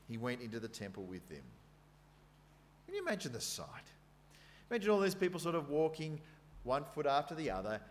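An Australian man preaching a sermon. He tells the story in a conversational way and reads scripture aloud with dramatic emphasis. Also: medium pitch.

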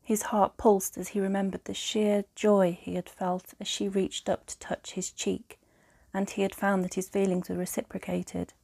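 A woman co-host narrating a romantic fairytale story in a calm, gentle, hushed way, soft and breathy in places. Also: mid-range voice, moderate pace, no room sound.

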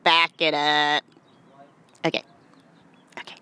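A woman's voice: medium pitch, takes it slowly, long pauses, fairly bright tone. A woman doing a comedic skit vlog, giddy and playful, trying on voices. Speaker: vlogger.

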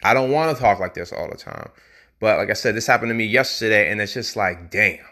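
A man's voice: fairly low pitch, a little fast, sharp tone. A man hosting a podcast, talking in a casual, rambling, emphatic monologue. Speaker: podcast host.

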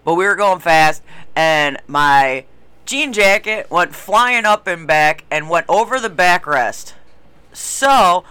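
A woman's voice: fairly low pitch, lively intonation, slow pace, bright, forceful tone, clean tone, dry recording. A woman co-hosting a casual podcast, telling a story while laughing often. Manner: giggly, laughs through stories. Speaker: podcast co-host. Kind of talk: casual chat.

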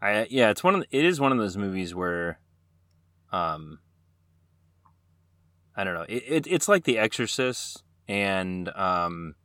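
Man, podcast host, low voice, dry close mic, casual and hesitant. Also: big pitch swings, a little slow, pauses often, fairly bright tone, no echo. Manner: chatty, hesitant with fillers. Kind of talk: casual chat.

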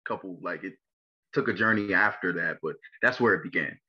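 A young man from Maryland telling his life story in an interview, halting and full of fillers and restarts. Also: deep voice, husky, highs cut off. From Maryland, USA. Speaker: interview guest. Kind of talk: personal testimony interview.

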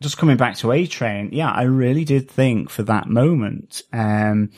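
A man's voice: mid-range voice, unhurried, a little mellow. A man co-hosting a podcast, talking through a show in a loose, hesitant way and chuckling often. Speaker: podcast co-host. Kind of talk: casual review chat.

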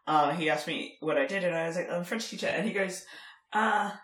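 A woman's voice: on the low side, a little fast, a bit bright, roomy sound. A young woman from Germany co-hosting a podcast, chatting casually with lots of fillers and laughter. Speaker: podcast co-host. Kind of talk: casual chat.

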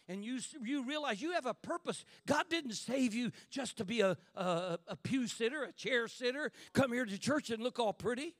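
A man preaching a fervent sermon in church, building to shouts and calling out to the congregation. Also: very high-pitched, dry recording.

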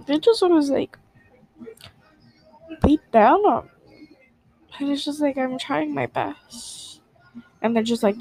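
A young woman student venting about her parents in a halting, hurt way, full of fillers, in an emotional confessional vlog. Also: high-pitched, expressive, gravelly, darkish tone, low-quality recording.

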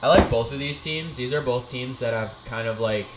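Young guy co-host for a sports podcast, rambling and excitable, middle pitch, faint noise behind. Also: moderate pace, rough recording. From Chicago. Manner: rambling, excitable, swears, laughs often. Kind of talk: casual sports chat.

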